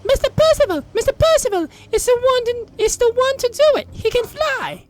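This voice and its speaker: Man putting on a very high, urgent young boy, calling out loud. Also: a little fast, poor audio. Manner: excited shouting. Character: young boy shouting for help.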